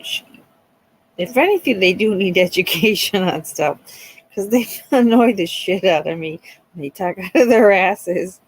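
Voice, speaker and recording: Chatty woman with a gravelly voice. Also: medium pitch, animated, measured pace, low-quality recording. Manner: chatty, swears freely, laughs often. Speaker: livestream host. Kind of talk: casual chat with live viewers.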